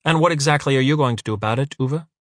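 A male narrator playing a smug council official who talks down to others in a calm, condescending way. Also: mid-range voice, rapid-fire, no room sound, studio quality, voice pushed up, close to an everyday voice.

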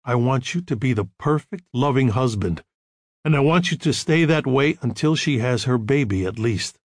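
A man voicing a calm, controlled counselor who gives quiet, measured instructions. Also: medium pitch, no room sound, studio quality. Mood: firm.

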